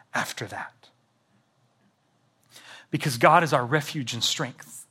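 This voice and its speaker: A man preaching a sermon, swinging between loud, emphatic passages and hushed, almost whispered lines. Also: fairly high pitch. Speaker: pastor.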